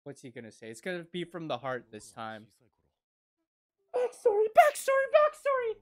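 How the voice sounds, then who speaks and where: A woman hosting an anime reaction, moving from soft cooing to loud excited squeals and swearing freely. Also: very deep voice, fast.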